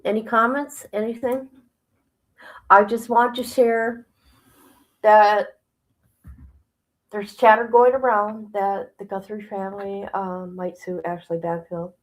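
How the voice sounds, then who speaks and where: A woman's voice: mid-range voice, steady tone, takes it slowly, long pauses, rough recording. A woman hosting a casual livestream, chatting colloquially, reading viewer comments aloud and laughing often. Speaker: livestream host.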